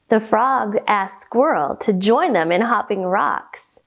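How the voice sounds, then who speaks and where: A woman leading a children's yoga storytime, guiding gently and playfully. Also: mid-range voice, animated. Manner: gentle, playful, slow sing-song guiding. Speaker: kids' yoga story teacher.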